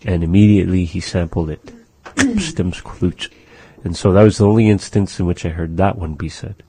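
A middle-aged man teaching a language in a relaxed chat, patiently repeating words to demonstrate their sounds. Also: low voice, quick pace, slight background noise.

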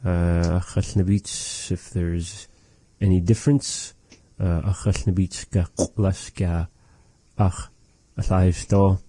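A man teaching phrases in a casual language lesson, patient, repeating words slowly and joking now and then. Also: deep voice, flat delivery, mellow.

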